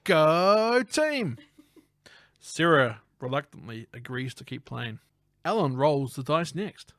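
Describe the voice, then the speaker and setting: Male podcast co-host recapping a film plot, slightly higher voice, dry close recording. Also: very animated, slow, a bit bright, no room sound. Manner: retells the plot and acts out lines in voices, laughs often. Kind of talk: casual film recap chat.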